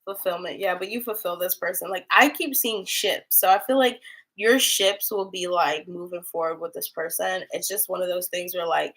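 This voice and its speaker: A woman's voice: lowish voice, normal speed, fairly bright tone. Young female tarot reader, casual livestream delivery, rambling and filler-heavy. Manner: chatty, rambling, full of "like" fillers.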